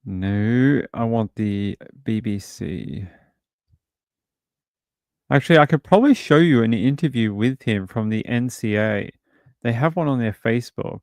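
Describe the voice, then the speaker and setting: A man's voice: medium pitch, animated, a little slow, darkish tone, dry recording, clean studio sound. A British man hosting a true crime livestream, talking casually and reading out chat messages. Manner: rambling, reads chat aloud. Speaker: streamer host.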